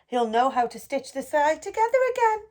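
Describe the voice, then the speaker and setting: A woman voicing an excitable, timid little male mouse in a squeaky, anxious voice for a storybook. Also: fairly quick. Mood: frightened. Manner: breathless and anxious.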